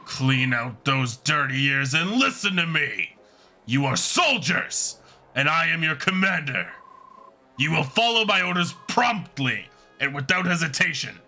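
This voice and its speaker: A man's voice: a little high, lively intonation, measured pace, bright, forceful tone, faint music behind, pitched above the performer's own voice, exaggerated voice. A man voicing a blustering male army commander who sneers and barks orders at his soldiers. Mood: scornful, barking. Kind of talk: voicing game dialogue on a let's-play.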